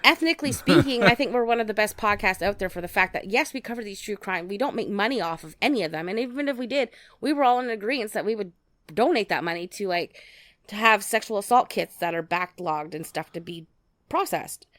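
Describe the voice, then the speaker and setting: A woman's voice: mid-range voice, animated, fairly quick, fairly bright tone, dry recording. Outspoken woman co-hosting a podcast. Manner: outspoken, indignant, swears casually. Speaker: podcast co-host. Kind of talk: casual true-crime podcast discussion.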